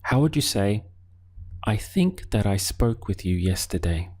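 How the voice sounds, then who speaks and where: Male language teacher, deep voice, unhurried, patient prompts with gaps for replies. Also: lively intonation, a little mellow, slightly rough. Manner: slow, patient prompts leaving pauses to answer. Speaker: Spanish teacher. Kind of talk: language lesson.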